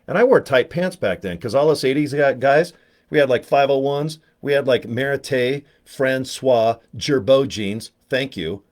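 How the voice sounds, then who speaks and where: A man's voice: medium pitch, measured pace. A middle-aged man telling a rambling, crude personal story, slipping into voices for the people he quotes.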